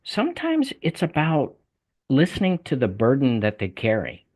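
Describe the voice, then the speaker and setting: Older man, southern US accent, folksy interview guest, mid-pitched, often repeats himself. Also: huge pitch swings, moderate pace, a little mellow. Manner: folksy, repeats words and restarts. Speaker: guest, debt coaching salesman. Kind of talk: conversational interview.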